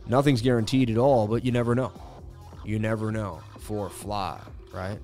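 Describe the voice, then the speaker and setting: A man's voice: lowish voice, steady tone, normal speed, mellow, soft background music. A man hosting a live crypto chart stream, chatting casually and joking with viewers in slangy speech. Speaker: crypto chart analysis livestream host. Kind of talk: casual live market commentary.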